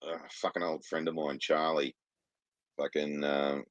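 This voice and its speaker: A man's voice: very deep voice, flat delivery, measured pace, no room sound, low-quality recording. A man with an Australian accent, telling crude, rambling stories in casual chat, swearing constantly. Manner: profane, rambling anecdotes, heavy swearing.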